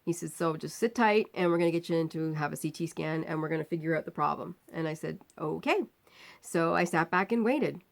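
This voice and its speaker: Woman vlogger telling a lively story. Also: sits low, quick pace, vocal fry, hardly any pauses. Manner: animated, acts out quotes with laughs. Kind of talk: casual storytelling.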